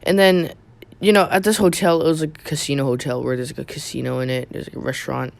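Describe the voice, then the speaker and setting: A man's voice: on the high side, little pitch movement, quick pace, creaky. A young man casually telling a personal story on his channel, rambling with many fillers and restarts. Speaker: YouTube storyteller.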